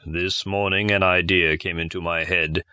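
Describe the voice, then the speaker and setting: A man voicing a hot-tempered old male woodcarver in a low, gruff voice for a storybook reading. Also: steady tone, normal speed, sharp tone, no echo.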